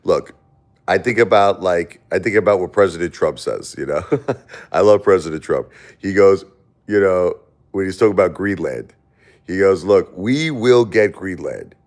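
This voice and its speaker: A low-voiced man hosting a livestream and talking straight to his chat. He sounds defensive and argumentative, and he circles back over the same points again and again. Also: normal speed, darkish tone. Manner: defensive, argumentative, repeats himself. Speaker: livestream host.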